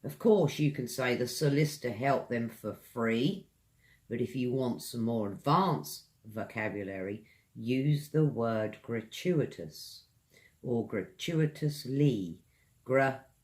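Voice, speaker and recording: A British-accented English teacher gives a pronunciation lesson online, his medium-pitched voice animated yet darkish in tone. He stretches words out slowly and fills the gaps between examples with friendly chat to viewers.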